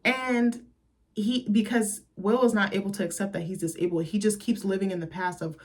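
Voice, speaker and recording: A woman's voice: mid-range voice, steady tone, normal speed. A woman host talking casually and profanely about a movie, chatty and sassy.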